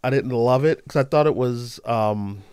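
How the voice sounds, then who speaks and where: A man's voice: mid-range voice, normal speed, darkish tone, smooth, no echo, studio quality. A man appearing as a guest on a movie podcast, easygoing and a bit hesitant. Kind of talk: casual movie chat.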